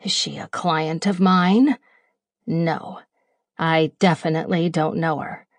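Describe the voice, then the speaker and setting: A woman narrating an audiobook as a wary young single father with a deep voice, tense and questioning himself. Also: steady tone, slow pace, no room sound. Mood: alarmed.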